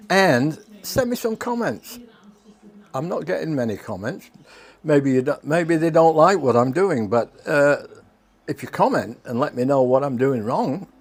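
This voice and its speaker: A man with a mid-range, breathy voice chats casually as a home cooking vlogger, doing a taste test on camera. He samples his food and keeps talking with his mouth full.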